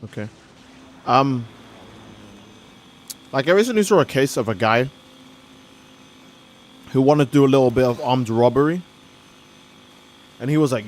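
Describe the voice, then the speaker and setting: A man's voice: mid-range voice, moderate pace, long pauses. A man streaming a game, rambling in casual, profane commentary and acting out little skits of people. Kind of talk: casual let's-play commentary.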